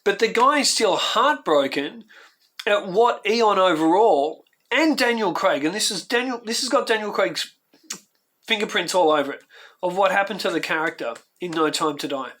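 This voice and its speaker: A man's voice: sits high, lively intonation, normal speed, a bit bright. Emotional Australian man ranting. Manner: heartfelt, ranting, repeats himself. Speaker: YouTube host. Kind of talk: emotional reaction commentary.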